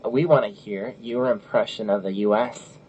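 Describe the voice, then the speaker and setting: A man's voice: fairly low pitch, normal speed, darkish tone. A man hosting a casual chat show, rambling and laughing through his questions. His voice comes through muffled, lo-fi audio. A faint hiss sits under it. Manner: chatty, laughs often, restarts. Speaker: podcast host.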